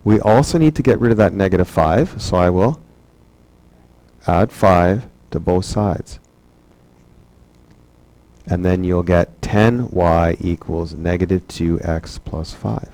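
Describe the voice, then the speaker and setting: A man's voice: sits low, slow pace, long pauses, dark tone, no room sound, low-quality recording. A man teaching a math class, chatty and joking, asking rhetorical questions over and over. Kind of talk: classroom lecture.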